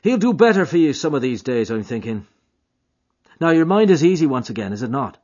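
A man's voice: mid-range voice, big pitch swings, fairly quick, darkish tone, husky, voice pushed up. A man playing a young lover with a coaxing, earnest brogue, on a dull lo-fi recording. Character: young Irish man, smooth-talking, secretive lover.

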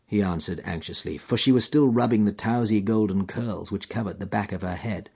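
Male audiobook narrator, dramatic and drawn-out, husky voice, dull lo-fi recording. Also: on the low side, mellow. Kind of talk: expressive literary narration.

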